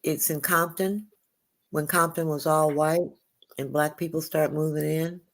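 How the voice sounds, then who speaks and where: A woman's voice: low voice, steady tone, measured pace. A woman calling in to a live show, talking earnestly with many fillers. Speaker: caller. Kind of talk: call-in chat.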